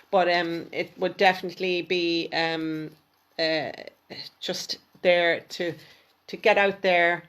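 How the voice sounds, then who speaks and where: A woman, a spiritual mentor, giving intuitive card readings on a live stream and speaking fondly to each viewer by name. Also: fairly low pitch. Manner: warm, affectionate, speaks directly to viewers by name. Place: home, at a table with cards.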